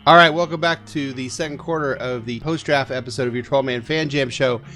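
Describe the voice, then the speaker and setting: A man's voice: medium pitch, fairly even intonation, brisk, sharp tone, soft background music. A man hosting a casual sports podcast, joking and rambling with laughs. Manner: jokey, rambling, with frequent laughs. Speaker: podcast host.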